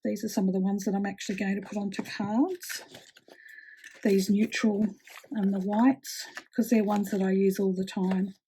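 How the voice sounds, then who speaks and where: Mellow-voiced woman demonstrating a craft. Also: medium pitch, level tone, moderate pace, a little hiss or hum. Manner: chatty, many fillers, talks while working with her hands. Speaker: craft tutorial host.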